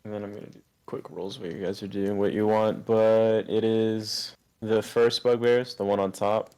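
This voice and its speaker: Low-voiced man running a tabletop game. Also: little pitch movement, normal speed, dark tone, clear, resonant tone. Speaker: game master.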